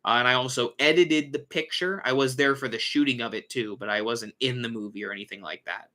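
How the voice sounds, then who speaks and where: Casual male livestream host, bright tone, rambling and self-correcting. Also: medium pitch, brisk.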